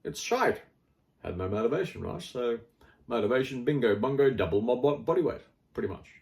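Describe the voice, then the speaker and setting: In a medium-pitched, darkish voice with lively intonation, a middle-aged Australian health vlogger speaks briskly. His casual monologue rambles, is blunt and wry, and is stuffed with filler words.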